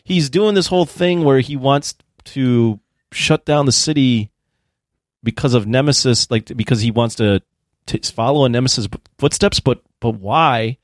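Male podcast co-host, mid-pitched, dry close sound, incredulous and animated. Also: moderate pace, no echo. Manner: animated, incredulous, acts out scenes. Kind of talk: casual movie review chat.

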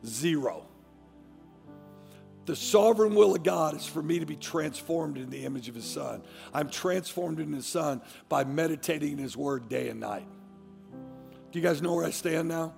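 A man preaching with fervent emphasis, his slightly high voice roughened by gravel. He drops to hushed asides, then rises to shouted declarations, with long hall reverb and faint music behind him. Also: normal speed. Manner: swings from low, quiet asides to loud shouted declarations. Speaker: pastor. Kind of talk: sermon.

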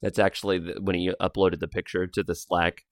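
A man's voice: sits low, flat delivery, fairly quick, no room sound, clean studio sound. A man in his thirties co-hosting a casual podcast, rambling with frequent laughs into a pop-filtered mic. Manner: laughs often, rambling asides. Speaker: podcast co-host.

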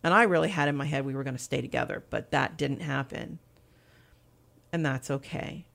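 A woman's voice: a bass voice, normal speed, vocal fry, fairly bright tone. A woman telling her personal faith testimony as an interview guest, earnest and candid.

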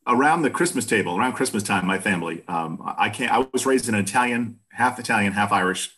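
A lower-pitched man in his fifties from Boston tells long, animated stories as an interview guest. He slips into other people's voices as he goes. He has the easy pacing of a seasoned broadcaster. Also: fast. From Boston, USA. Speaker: guest, former news broadcaster. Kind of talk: casual interview storytelling.

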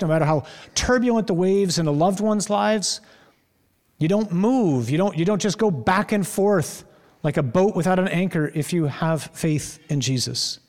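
A man preaching a sermon with a fairly high voice, telling the story vividly. He draws out key words slowly for emphasis. His voice rings with the long reverb of a church hall.

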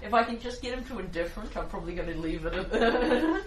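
A woman playing a tabletop game, chatty and quick to laugh. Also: medium pitch, expressive, a crowd in the background. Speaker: player. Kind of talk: casual tabletop play. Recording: roomy distant recording, faint hiss.

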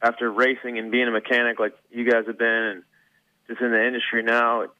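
A man's voice: medium pitch, flat delivery, brisk, no room sound. A man who used to race, calling in and chatting in a laid-back, rambling way. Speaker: phone guest, former racer. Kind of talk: casual phone chat. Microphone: phone. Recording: dull phone-in line.

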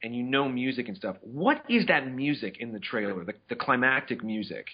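Brief: husky-voiced male podcast host, casual rambling storyteller, muffled lo-fi audio. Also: medium pitch, lively intonation, a little fast. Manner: rambling storyteller with many restarts, acts out quotes. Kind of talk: casual chat. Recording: dull lo-fi audio.

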